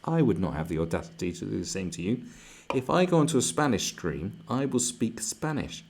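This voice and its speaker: A man's voice: on the low side, sing-song, brisk, vocal fry, a little mellow, breathy edge. A young man streaming live, ranting crudely and mocking the video in front of him, laughing often. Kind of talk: profane ranting reaction stream.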